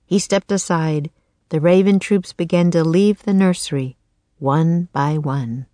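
A woman narrating a children's storybook in a clear, steady storytelling voice. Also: fairly low pitch, measured pace, no echo.

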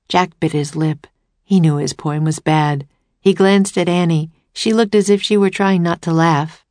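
Low-voiced woman reading a storybook. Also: steady tone, measured pace, darkish tone, dry recording. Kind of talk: storybook narration.

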